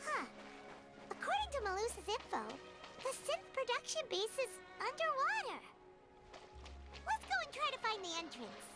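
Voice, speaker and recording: A woman voicing a tiny floating fairy companion in a video game, in a high, squeaky, bouncy voice. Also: very animated, moderate pace, pauses often, sharp tone, full character voice. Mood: chirpy. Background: game music.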